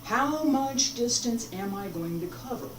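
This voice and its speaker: A woman teaching a martial arts form, talking slowly and stopping to demonstrate moves. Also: fairly high pitch, animated, a little hiss or hum. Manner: unhurried, breaks off mid-demonstration. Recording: echoey room, mic far off.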